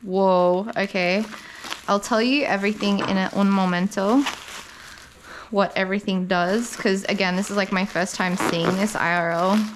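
A woman's voice: mid-range voice, fairly even intonation, noisy background. A woman doing a car parts unboxing vlog, gushing and swearing casually as she pulls parts out. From Australia. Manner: gushing, swears often, slow-paced. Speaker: car vlogger.

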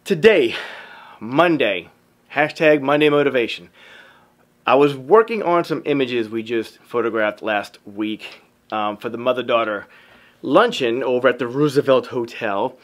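A photographer and vlogger gives his viewers an upbeat motivational talk, calling them y'all. He speaks at medium pitch and an unhurried pace.

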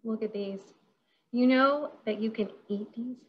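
A woman's voice: fairly high pitch, unhurried, dull audio. A woman caterer leading a casual hands-on workshop over a video call, bubbly and chatty, giggling often.

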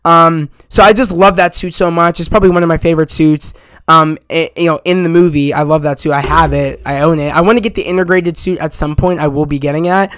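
With a slightly high voice and a brisk, clean tone, a man gives a casual, excited spoiler review of a film in a dry recording. He rambles as he retells scenes, restarting his sentences again and again.

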